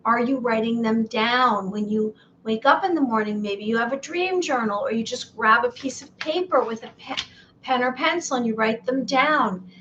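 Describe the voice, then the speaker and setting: A woman's voice: on the high side, moderate pace, fairly bright tone, lo-fi sound, slight background noise. A woman talking casually in a spiritual vlog, meandering, correcting herself, and asking her viewers questions. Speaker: spiritual vlogger.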